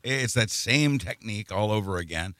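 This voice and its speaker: A man's voice: fairly low pitch, expressive, moderate pace, fairly bright tone, no echo. A man co-hosting a political podcast, talking emphatically and often repeating words as he builds a point. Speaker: podcast co-host. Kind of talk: casual political chat.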